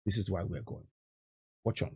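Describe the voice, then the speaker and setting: A man's voice: deep voice, steady tone, normal speed, dark tone, husky, dry recording, studio quality. A man giving emphatic, repetitive, indignant political commentary over video footage.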